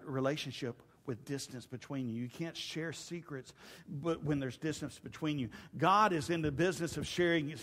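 Middle-aged male pastor, high voice, lively humorous sermon delivery, big reverberant church hall. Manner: animated, humorous storytelling with shouted asides. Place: church sanctuary.

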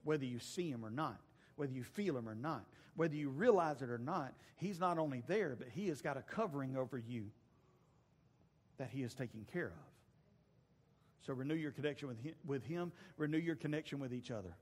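A man's voice: medium pitch, expressive, a little fast, breathy edge. Preaching man in a reverberant church. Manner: storytelling preacher acting out voices, shouting at peaks. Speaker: pastor. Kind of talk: sermon. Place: church sanctuary.

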